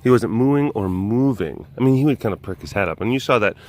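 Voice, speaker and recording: A man's voice: lively intonation, fairly quick, a little mellow. Man cooing baby talk at animals. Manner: coos in high baby talk at animals, joking. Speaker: vlogger at a wild animal facility. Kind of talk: casual vlog talking to animals.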